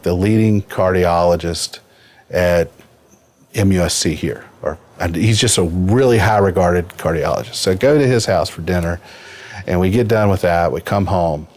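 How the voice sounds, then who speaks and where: His deep, darkish voice carries an earnest, vivid personal story; he's a man in his fifties appearing as a guest in a casual podcast interview.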